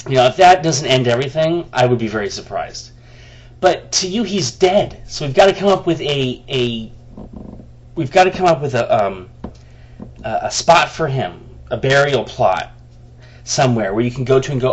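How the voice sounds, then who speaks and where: A man's voice: a little high, big pitch swings, moderate pace. Man, vlogger, angry profane rant, stumbling restarts, talking to himself. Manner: heated, profane ranting with frequent restarts. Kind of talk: venting monologue to camera.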